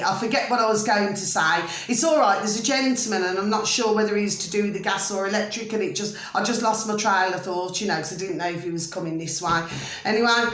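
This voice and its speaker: A middle-aged woman vlogger talks to her viewers at home in a rambling, casual monologue, repeatedly asking "do you see what I mean." Her voice is mid-range with a fairly bright tone, and the recording is reverberant.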